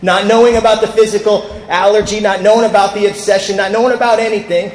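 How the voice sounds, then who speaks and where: Man, higher voice, sharing his recovery story at a convention podium; echoing hall with a long tail. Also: steady tone, fast talker, slight background noise. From California. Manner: storytelling, acts out quoted people. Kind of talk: personal recovery story told to a crowd. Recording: echoey hall with long reverb.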